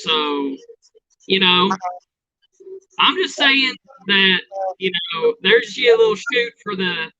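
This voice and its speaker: A man's voice: high voice, lively intonation, takes it slowly, pauses often, sharp tone, no room sound. A man who is a guest wrestler and champion, cutting a boastful, rambling promo full of trash talk. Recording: dull lo-fi sound.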